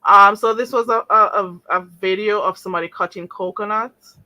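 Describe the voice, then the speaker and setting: Sharp-voiced indignant woman streamer. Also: mid-range voice, fairly even intonation, normal speed, rough recording. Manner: indignant, sarcastic, mocking mimicry. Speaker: channel host. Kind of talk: live-stream rant to viewers.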